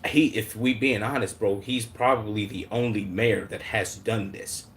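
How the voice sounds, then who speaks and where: A man streaming live, his voice sitting on the lower side. He talks bluntly with plenty of slang and swearing. He restarts his sentences as he thinks them through, with a faint hum of noise behind him. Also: fairly even intonation, normal speed, fairly bright tone. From Chicago. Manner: blunt, heavy slang and swearing, calls the audience "gang" and "bro"; thinks aloud with many restarts and repeated words. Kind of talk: live-stream commentary reacting to chat.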